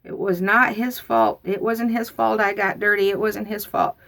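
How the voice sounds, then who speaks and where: A woman's voice: medium pitch, steady tone, normal speed, gravelly, fairly bright tone, voice pushed up. A woman voicing her younger self as a small girl pleading with a made-up excuse. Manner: pleading, breathless fib-telling. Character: frightened little girl making excuses.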